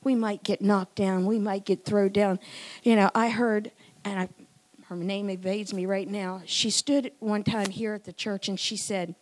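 A woman's voice: mid-range voice, fairly even intonation, unhurried. Impassioned woman in her sixties preaching. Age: 60s. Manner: impassioned, swinging from loud emphasis to hushed whispers. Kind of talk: sermon. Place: church.

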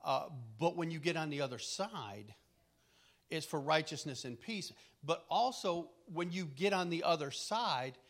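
In an unhurried, relaxed sermon, a middle-aged man chats conversationally through family stories, chuckling and frequently starting over. His voice leans high.

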